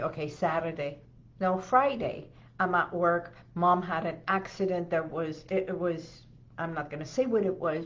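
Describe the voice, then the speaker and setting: A middle-aged woman hypnotherapist gives a self-help talk, sharing a personal story and often checking in with the listener with an "okay?". Her voice is fairly low, and the audio is dull.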